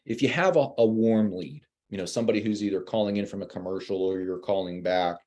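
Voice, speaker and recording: Man, low and warm, animated storyteller, slips into caller voices. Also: quick pace. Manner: many fillers and restarts. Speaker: insurance agent guest. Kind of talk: casual webinar talk.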